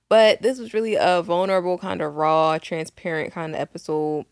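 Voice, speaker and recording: A young woman with a Philadelphia accent, co-hosting a podcast in blunt, laughing, animated casual chat. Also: on the low side, normal speed, hardly any pauses, clean tone, no echo, clean studio sound. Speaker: podcast co-host.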